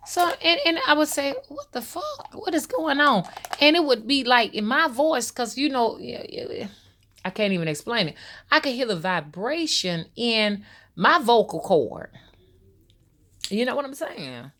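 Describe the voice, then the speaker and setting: A woman's voice: fairly high pitch, sing-song, a little slow, fairly bright tone, a little hiss or hum. Woman telling a spirit story. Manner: loose, storytelling, addresses viewers as y'all. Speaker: spiritual rootworker. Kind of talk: casual spoken monologue to viewers.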